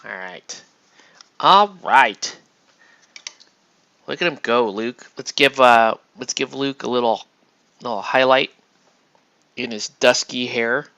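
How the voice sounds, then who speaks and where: A man's voice: mid-range voice, slow, long pauses, pushed and bright, dry recording. A man chatting casually as he paints miniatures, rambling and restarting his sentences, with some mild swearing. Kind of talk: casual chat while painting.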